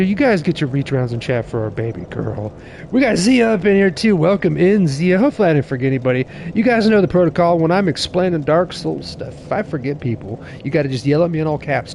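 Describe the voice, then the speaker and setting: A young man streaming a game live, excitable and laughing, swearing casually and chatting with his viewers while nursing a sore tooth. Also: a little high, a little fast, vocal fry, a little hiss or hum.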